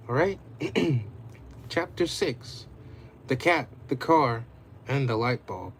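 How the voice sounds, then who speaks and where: A man's voice: medium pitch, slight background noise. A man reading his own homemade adventure story aloud in a casual, unpolished way.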